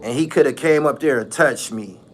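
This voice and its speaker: A man's voice: mid-range voice, normal speed. A man hosting his own channel, ranting casually in a mocking tone, repeating phrases and laughing often. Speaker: channel host. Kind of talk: casual vlog rant.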